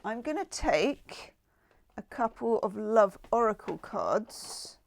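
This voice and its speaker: A woman's voice: mid-range voice, very animated, takes it slowly, gravelly, slight background noise. A middle-aged woman chatting casually through a tarot card reading, with exclaimed asides. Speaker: tarot reader.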